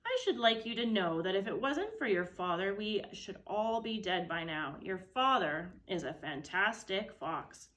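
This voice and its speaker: A woman voicing a tender, anxious mother fox who speaks softly and pleads, over loud background noise. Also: medium pitch, big pitch swings, unhurried, hardly any pauses, low-quality recording. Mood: proud.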